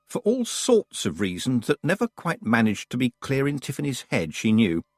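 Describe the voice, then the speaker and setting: A man narrating a fantasy audiobook with expressive, wry storytelling. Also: mid-range voice, moderate pace, dry recording, studio quality. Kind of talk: scripted narration.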